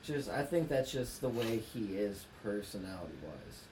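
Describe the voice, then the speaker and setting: A man's voice: fairly low pitch, big pitch swings, normal speed, darkish tone, a little hiss or hum. A young man guesting on a casual sports podcast, easygoing and chiming in with the hosts.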